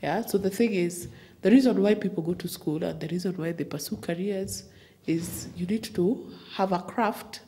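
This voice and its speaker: Lower-voiced woman guest on a talk show. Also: warm tone, a little hiss or hum. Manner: measured, often checks agreement with tag questions. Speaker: studio guest. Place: TV studio.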